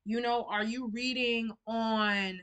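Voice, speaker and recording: A woman's voice: on the high side, steady tone, slow pace, a bit bright, clean tone. A young woman giving a tarot reading to camera in casual, blunt, outspoken talk. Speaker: tarot reader.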